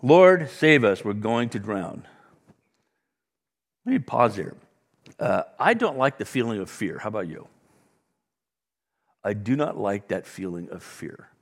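Low-voiced male pastor preaching in a reverberant church. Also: normal speed, gravelly, pauses often, husky. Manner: conversational, animated storytelling with asides to the congregation. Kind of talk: sermon.

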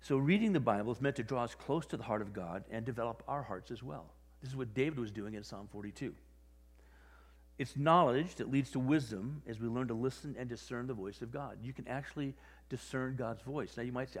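A man preaching a sermon in a conversational, animated way, often acting out quoted voices. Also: medium pitch, a little fast, in a large hall. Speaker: pastor.

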